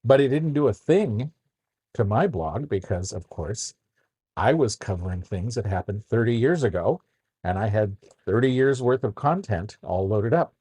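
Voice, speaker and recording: A man recalling his blog's history on a podcast in a measured, reflective way. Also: lowish voice, animated, warm tone, husky, no echo. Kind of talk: podcast recollection.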